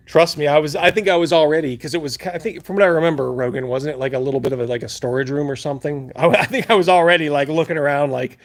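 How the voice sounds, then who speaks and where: A man hosting a live stream, casually telling stories to chat, rambling and laughing as he goes. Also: medium pitch. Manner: rambling, laughing, acts out his own panic loudly. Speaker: livestream host.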